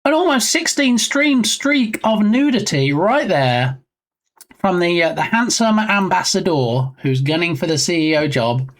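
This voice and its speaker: Chatty, joking live-stream host. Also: unhurried. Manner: chatty and joking, reading viewer names aloud; lively swings in pitch. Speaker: livestream host. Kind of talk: casual live-stream chat.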